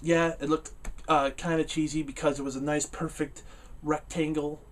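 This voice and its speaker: A man's voice: a little high, unhurried, far from the mic. Chatty man reviewing wrestling, slightly off-mic. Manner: rambling, many "uh" fillers, laughs easily; gets loud and animated when ranting. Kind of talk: casual spoken review.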